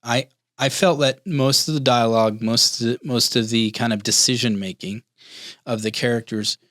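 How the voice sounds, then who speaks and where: A man from Montana talking casually on a podcast panel, often halting and restarting his sentences. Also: medium pitch, fairly even intonation, a bit bright, no room sound, clean studio sound.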